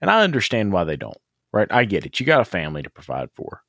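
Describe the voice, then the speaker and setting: Agreeable, deeper-voiced male podcast host. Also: huge pitch swings, quick pace, fairly bright tone, no room sound, clean studio sound. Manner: agreeable, chimes in with short affirmations. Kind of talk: casual podcast conversation.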